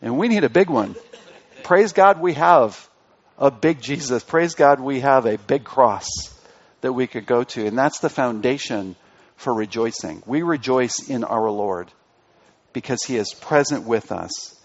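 A man's voice: medium pitch, animated, measured pace. A male pastor giving an interactive sermon, asking the congregation questions and repeating key phrases. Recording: dull lo-fi recording.

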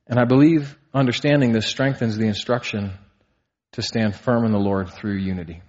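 A man's voice: lowish voice, normal speed, darkish tone. A man in his thirties preaching a sermon, earnest, asking rhetorical questions and building to emphatic peaks. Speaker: pastor. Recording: slightly dull, muffled sound.

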